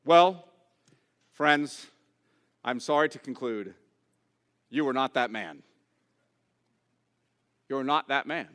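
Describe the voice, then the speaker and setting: A man preaching a sermon, with dramatic pauses and rising emphasis. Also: mid-range voice, expressive, a bit bright, smooth, long reverb tail. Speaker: pastor.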